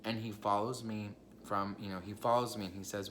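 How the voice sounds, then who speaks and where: Young man dishing gossip in a lowish voice. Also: fairly even intonation, brisk, a bit bright, a little hiss or hum. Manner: chatty, gossipy, swears casually and addresses the viewers directly. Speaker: vlogger. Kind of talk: casual storytime vlog.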